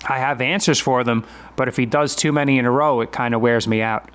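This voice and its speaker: This fifty-something man narrates a video of his own grappling sparring, talking it through plainly and conversationally. His voice sits at a medium pitch and sounds smooth and a bit bright.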